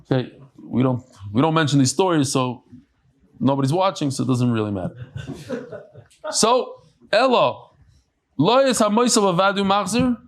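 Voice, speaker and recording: Casting: man giving a Talmud lecture, lively rising-and-falling voice, somewhat high, chatty. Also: normal speed, long pauses. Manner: animated, chatty explanations with asides. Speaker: Talmud teacher. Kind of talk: daf yomi lecture to a live class. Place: study hall with a live audience.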